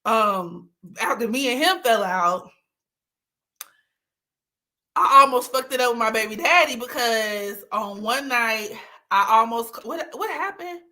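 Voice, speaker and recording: A woman's voice: fairly high pitch, animated, measured pace, long pauses, sharp tone. A young woman hosting a livestream, telling candid stories in casual chat, laughing often and slipping into dramatic, teary mock outbursts. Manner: candid storytelling with frequent laughter. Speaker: livestream host.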